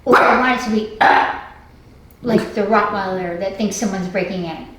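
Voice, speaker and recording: A woman's voice: mid-range voice, a little fast, fairly bright tone. Upbeat woman dog trainer, distant and echoey. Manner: upbeat, coaxing praise to the dog. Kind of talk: hands-on training lesson. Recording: distant, echoey, faint noise.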